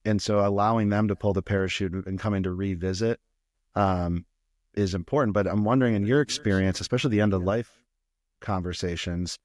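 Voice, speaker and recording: A man hosting a podcast interview, asking thoughtful questions in a halting way, with many restarts. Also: on the low side, a little mellow, no room sound, clean studio sound. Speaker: podcast host.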